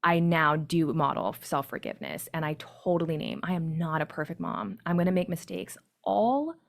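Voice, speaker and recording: A woman's voice: sits low, normal speed, gravelly. A woman in her thirties, a parenting coach, speaking candidly and reflectively as a podcast guest. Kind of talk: casual podcast conversation.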